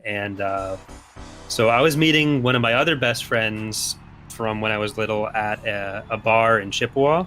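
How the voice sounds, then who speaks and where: A man's voice: lowish voice, moderate pace, pushed and bright, soft background music. A young man telling a story casually while playing a racing game, laid-back and sweary, laughing through it. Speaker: co-player.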